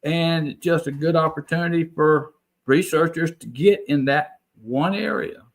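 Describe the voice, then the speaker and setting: A man's voice: fairly high pitch, moderate pace, vocal fry. A man from Alabama with a Southern American accent, a plainspoken guest on a radio talk show who repeats himself for emphasis. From Alabama, USA. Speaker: guest, property owner who records sounds. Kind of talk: casual radio interview chat.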